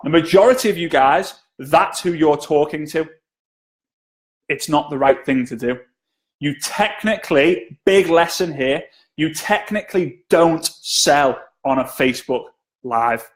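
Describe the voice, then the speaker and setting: Chatty, jokey male sales trainer, higher-pitched. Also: measured pace. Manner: chatty, jokey, asks viewers to comment. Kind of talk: live-stream training talk.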